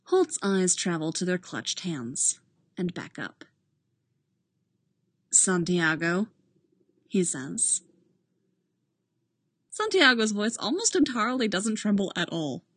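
A woman narrates a story at an unhurried pace, and her voice moves in lively rises and falls. It is recorded dry and close, with no room sound. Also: medium pitch, husky, no room sound. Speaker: reader. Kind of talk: reading fan fiction aloud.

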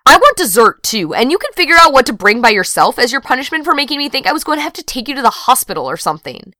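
A blunt young woman who swears freely and jumps to worry, as a female narrator voices her. She comes out a little higher and louder than the narration. The sound is dry and close, read like an audiobook. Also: very animated, fairly quick, dry recording. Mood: annoyed.

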